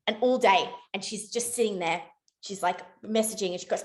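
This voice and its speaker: A young woman giving a casual motivational talk to her sales team, chatty and rambling, with lots of "like" and quick self-corrections. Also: medium pitch, a bit bright. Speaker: network marketing team leader.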